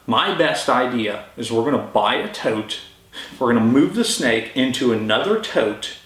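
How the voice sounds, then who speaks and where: A young adult man casually telling a story-time tale in a chatty, informal way. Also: medium pitch. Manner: informal, chatty, lively retelling. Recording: roomy echo.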